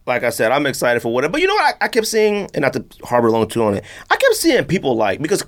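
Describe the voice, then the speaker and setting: A man's voice: medium pitch, huge pitch swings, fast talker. A man hosting a casual podcast chat, talking loosely and animatedly, repeating himself and acting out what others said. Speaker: podcast host.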